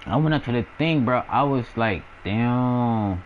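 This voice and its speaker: A man's voice: medium pitch, animated, a little fast, narrow, tinny audio, slight background noise. A young man telling personal stories in a casual, slangy way, often laughing and acting out the sounds of what happened. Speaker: storyteller. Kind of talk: casual storytelling.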